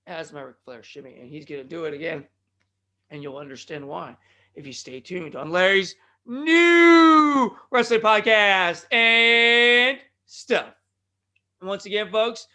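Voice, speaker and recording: A man's voice: sits high, fairly bright tone. A man from California hosting his own podcast, rambling through jokey asides and calling his listeners folks. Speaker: podcast host. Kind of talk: casual rambling podcast monologue.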